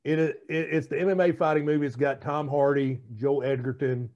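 A man's voice: on the high side, flat delivery, a little fast, darkish tone, dull audio. A man co-hosting a casual podcast, telling rambling stories in a chatty way. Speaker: podcast co-host. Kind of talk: casual chat.

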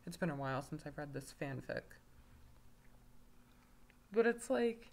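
A woman's voice: sits low, lively intonation, unhurried, creaky, pauses often, a little mellow. A woman giving a casual video review of a story, rambling, with lots of fillers and self-corrections. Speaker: fanfiction reviewer.

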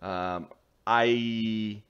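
A man's voice: on the low side, fairly even intonation, extremely slow, fairly bright tone, clear, resonant tone, muffled recording. Rambling man reacting to a trailer. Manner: rambling, thinking aloud. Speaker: video host reacting to a trailer. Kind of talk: casual reaction commentary.

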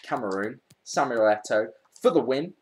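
A gaming YouTuber with a medium-pitched voice talks at normal speed over a video game pack opening. He's chatty and excitable, addressing his viewers directly while he searches.

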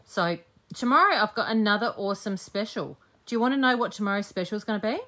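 A woman's voice: mid-range voice, animated, fast, sharp tone, a little hiss or hum. A woman hosting a live-streamed crafting demo, chatting cheekily with her viewers as she works. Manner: chatty, cheeky, talks while working. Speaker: scrapbooking host.

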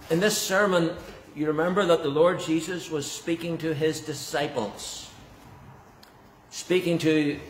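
A man's voice: a little high, slight background noise. A man preaching a sermon as pastor, earnest and emphatic, often repeating words for stress. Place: church. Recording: echoey church hall.

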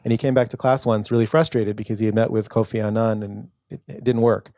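A man's voice: on the low side, level tone, fast, a little mellow, dry recording, clean studio sound. A man, an author and lecturer, answering an audience question at a bookstore event, earnest and storytelling, with many restarts. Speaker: author and lecturer at a book talk.

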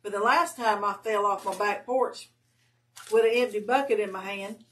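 A woman's voice: mid-range voice, moderate pace, far from the mic. A woman, chatting casually as a livestream guest and telling stories with a laugh at herself. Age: 50s. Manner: lively storytelling, laughs at herself. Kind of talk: casual chat.

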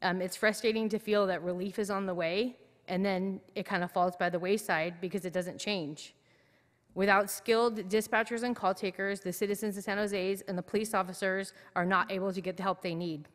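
A woman's voice: medium pitch, brisk. Earnest woman dispatcher at a podium. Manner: earnest, steady, appealing to the committee. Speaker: police dispatcher. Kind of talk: public comment at a council meeting. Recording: echoey council chamber.

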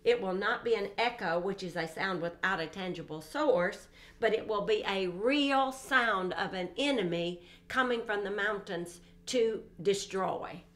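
A woman teaching a verse-by-verse Bible study in an emphatic way, repeating phrases for stress and breaking in with soft exclamations between readings. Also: medium pitch, unhurried.

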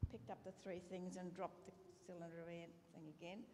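A woman tells a rambling, homely story in a fairly low voice. The sound carries a long hall reverb, with faint noise underneath. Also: little pitch movement, fairly quick, mellow. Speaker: congregant sharing a story. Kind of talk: casual anecdote. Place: church.

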